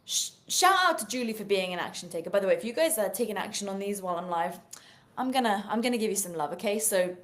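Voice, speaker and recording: A young British woman talking to viewers on a live stream, energetic and chatty, with plenty of fillers as she coaches on social media sales. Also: mid-range voice, fast talker, hardly any pauses.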